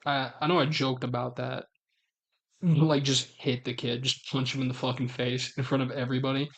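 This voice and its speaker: A man streaming from his room, talking at an even, middling pitch. He is blunt and jokey, swears a lot, and keeps the chat loose. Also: moderate pace, creaky.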